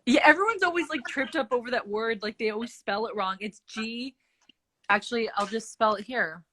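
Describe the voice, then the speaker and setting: A woman's voice: fairly high pitch, fairly quick, fairly bright tone. A woman in her twenties from Canada, co-hosting a casual podcast chat and telling a story through frequent laughter. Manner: giggly, storytelling, laughs often. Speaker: podcast co-host.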